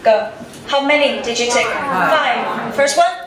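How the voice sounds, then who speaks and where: A woman teaching English to a class, speaking slowly and clearly and having the students repeat words after her. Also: fairly high pitch. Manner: slow, clearly enunciated prompting, drilling words for a class to repeat. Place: school classroom. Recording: echoey classroom from a distance, background noise.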